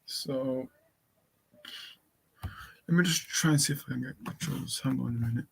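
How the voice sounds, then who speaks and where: A man co-hosting a live stream in casual talk, calling out to a missing co-host and spelling out a link slowly. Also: mid-range voice, vocal fry, slightly rough. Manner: calls out repeatedly, spells slowly. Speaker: livestream co-host.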